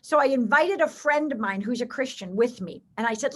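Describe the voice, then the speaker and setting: A woman guest telling faith stories in an expressive way, acting out the voices of the people she quotes. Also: on the high side, a little fast, hardly any pauses, breathy edge. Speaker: guest storyteller. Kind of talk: animated faith storytelling.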